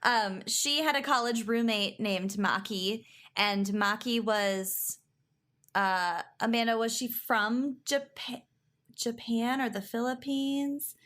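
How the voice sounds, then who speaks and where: A woman's voice: on the high side, slow, a bit bright. A woman with a Minnesotan accent telling stories in casual podcast chat, laughing often. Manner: chatty storyteller, laughs often. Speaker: podcast guest.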